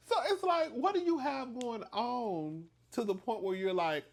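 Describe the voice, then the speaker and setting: A man chatting straight to his viewers in a storytime vlog. His pitch swings high and low as he gossips, and he keeps calling everyone "girl" and laughing between lines. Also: animated, unhurried, gravelly, hardly any pauses. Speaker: vlog host.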